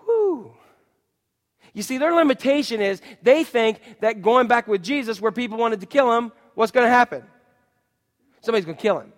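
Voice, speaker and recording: High-voiced animated preacher man. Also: brisk, long reverb tail. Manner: animated, acts out quotes and asks the congregation questions. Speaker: pastor. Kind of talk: sermon.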